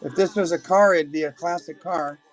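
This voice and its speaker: Man hosting a live coin auction, excitable and gushing, slightly high voice, soft music underneath. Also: normal speed. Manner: excited, exclaiming over coins. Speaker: livestream auction host.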